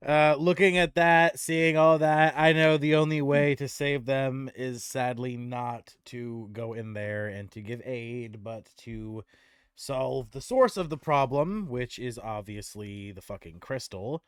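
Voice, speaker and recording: A man in a tabletop game session, narrating what his character does and says in the first person. His voice is smooth and resonant, recorded close and dry. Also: medium pitch, a little slow, no echo. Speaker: player.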